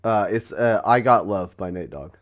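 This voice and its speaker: Low-voiced joking male podcast co-host. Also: lively intonation, moderate pace. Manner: joking, echoes the other's lines, swears freely. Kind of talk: casual chat.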